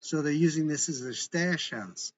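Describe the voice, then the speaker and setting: A man's voice: on the high side, moderate pace, dull audio, close to an everyday voice. A man voicing a smug male federal agent who lectures in a self-satisfied manner.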